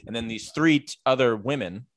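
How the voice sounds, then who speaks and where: A man's voice: medium pitch, fairly quick, dry recording, clean studio sound. A man who works as a teacher, telling a casual story with lots of fillers and the odd swear word. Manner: rambling, filler-heavy, profane.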